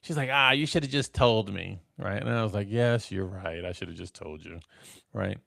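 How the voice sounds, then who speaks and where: A man's voice: lowish voice, normal speed, creaky, a bit bright. Man, middle-aged, podcast host, casual storytelling, keeps asking "right?". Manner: conversational, tags lines with "right?", chuckles at own stories.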